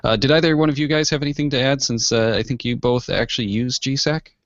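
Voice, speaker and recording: A man co-hosting a casual hobby podcast, relaxed and chatty, with frequent "uh"s. His voice is dry and close, and the recording is dull and lo-fi. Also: medium pitch, fast talker, no echo. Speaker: podcast co-host.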